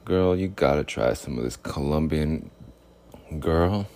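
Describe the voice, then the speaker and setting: A man doing a smooth ladies' man who croons low and slow in a hushed, very deep voice, flirting with the listener. The voice sits at the bottom of the range, soft and close. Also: lively intonation, full character voice. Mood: flirty. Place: home room with fridge and air purifier.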